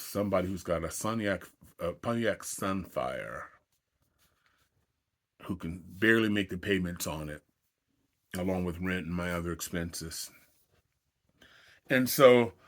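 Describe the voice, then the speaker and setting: A man's voice: sits low, fairly bright tone. A middle-aged man telling his own dating stories in a wry, self-deprecating, conversational way. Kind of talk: casual storytelling to camera.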